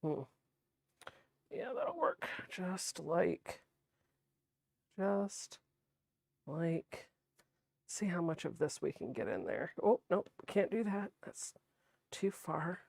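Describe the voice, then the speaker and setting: A woman hosting a sewing livestream, talking softly and chattily as she thinks aloud while she works. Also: on the low side, lively intonation, slow pace, gravelly, long pauses, no room sound, studio quality. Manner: soft-spoken, not projecting.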